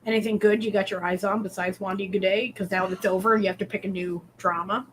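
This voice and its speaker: A woman co-hosting a casual stream from home, telling stories animatedly with quick asides and frequent laughter. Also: mid-range voice, steady tone, slight background noise. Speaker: co-host of a colouring stream. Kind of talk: casual chat. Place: at home, dryer running nearby.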